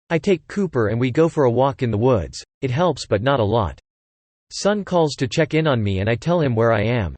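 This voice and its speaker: Guy reading out a personal story, plain steady delivery, middle pitch, dry sound. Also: no echo. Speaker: narrator. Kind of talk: first-person story narration.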